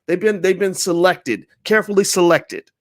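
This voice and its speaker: A man delivering an emphatic opinion monologue as a commentator, repeating his points forcefully. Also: high voice, moderate pace.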